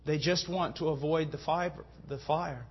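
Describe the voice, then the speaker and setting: A man's voice: a little high, normal speed, slightly rough. A man preaching a sermon with fervent delivery that rises to emphatic peaks. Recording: dull lo-fi sound.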